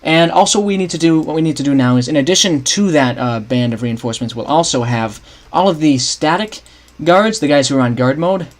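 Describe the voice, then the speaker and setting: A young man casually talking through his game map scripting on a livestream, thinking aloud and chatting with viewers. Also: mid-range voice. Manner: thinks aloud, restarts often, chats with viewers. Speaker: streamer building a game map.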